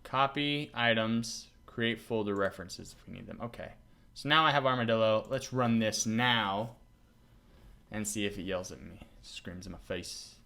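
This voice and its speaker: A man hosting a casual coding tutorial, talking to himself as he works and getting loudly excited and laughing when things run. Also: lowish voice, moderate pace, vocal fry.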